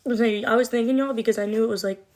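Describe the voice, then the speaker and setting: A woman's voice: fairly high pitch, fairly even intonation, rapid-fire, a little mellow. A young woman chatting casually on a livestream, rambling, emotional and swearing often. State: cold, shivering.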